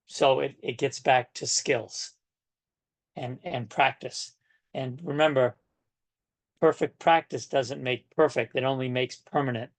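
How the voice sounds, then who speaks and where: Older male coach, sixties, folksy and emphatic, mid-pitched, talks to his class over a video call. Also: fairly even intonation, measured pace. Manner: folksy, emphatic, often asks "right?". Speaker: real estate coach. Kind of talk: coaching session talk.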